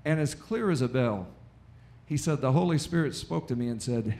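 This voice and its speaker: An American man preaching a lively sermon in a church, with call-and-response and acted-out quotes. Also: medium pitch, normal speed. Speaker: pastor. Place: church auditorium.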